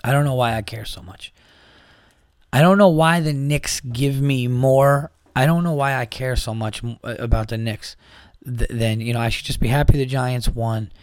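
This comedic rant comes from a podcast host who sounds exasperated and rambling, acting out the characters in his stories. He has a medium-pitched voice, speaks at a moderate pace, and the recording is dry.

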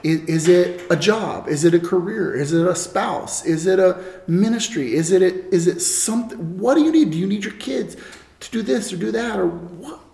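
A man's voice: high voice, animated, moderate pace, vocal fry, darkish tone. A man guest in a church interview, speaking earnestly, quoting scripture and firing off rhetorical questions. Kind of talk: casual interview with preaching. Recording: echoey room, faint noise.

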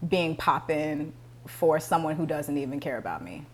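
Woman co-host, low-pitched, relaxed and giggly, trails off softly. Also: moderate pace, husky. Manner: laid-back, laughing, trailing off quietly. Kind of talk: casual chat.

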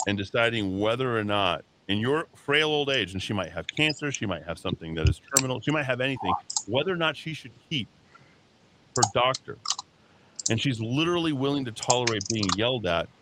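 A man's voice: mid-range voice, a bit bright, slight background noise. A man hosting a talk radio show, delivering a heated, combative monologue in a radio studio. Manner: combative, heated, mocks callers with put-on voices.

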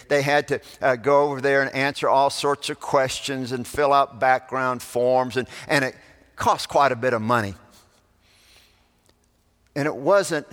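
A man preaching a sermon, telling a story that swells loud and then drops to a hush. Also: mid-range voice. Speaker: pastor. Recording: long reverb of a large hall.

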